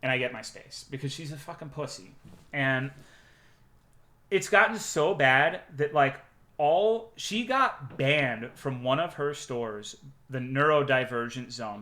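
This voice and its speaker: A young man streaming, telling profane, animated anecdotes to his chat and acting out the quotes. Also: medium pitch, measured pace. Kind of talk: casual storytelling to chat.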